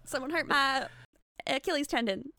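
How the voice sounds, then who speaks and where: Giggly woman with a gravelly edge. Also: sits high, moderate pace, pushed and bright, dry recording. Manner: giggly, jokey, rambling. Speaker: tabletop game player. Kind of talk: casual play at the table.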